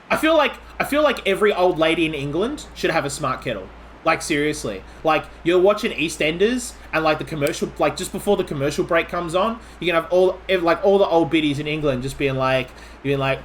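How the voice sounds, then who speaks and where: A man's voice: a little high, expressive, fairly quick, fairly bright tone, a little hiss or hum. A man from Melbourne with an Australian accent, chatting casually and rambling on a game live-stream. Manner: rambling, chatty, full of "like" and restarts.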